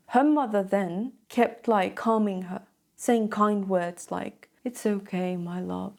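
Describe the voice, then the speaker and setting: A woman's voice: mid-range voice, darkish tone. A young woman vlogger telling a story to camera in a casual, chatty way, often checking in with "okay?".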